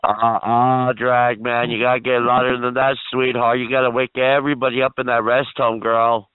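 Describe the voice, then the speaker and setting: A man's voice: medium pitch, level tone, moderate pace, smooth, no echo. A man hosting a call-in show, mocking and taunting a caller with crude insults. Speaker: radio show host. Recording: phone-line sound.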